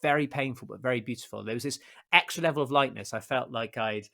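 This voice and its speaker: An enthusiastic man hosts a podcast conversation, stressing his points and sprinkling in casual fillers. His voice sits at a middle pitch but has a bright, pushing edge to it. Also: quick pace, gravelly. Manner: enthusiastic and emphatic, with lots of fillers like "you know". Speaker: podcast host.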